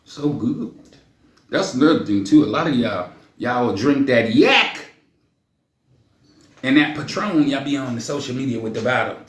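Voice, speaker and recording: A man's voice: mid-range voice, animated, normal speed, pauses often. A man hosting a casual livestream, teasing his viewers and ranting with jokes and profanity. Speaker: livestream host. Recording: echoey room, faint noise.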